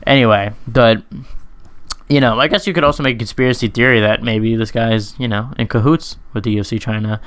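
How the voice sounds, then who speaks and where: A man talks through MMA questions from his audience in loose, rambling speech, swearing freely and filling pauses with "um" and "like." His voice is bright and smooth, and it rings out with clarity. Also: medium pitch, fairly even intonation. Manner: rambling, profane, frequent fillers and self-corrections. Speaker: YouTube MMA commentator. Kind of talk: casual unscripted Q&A monologue.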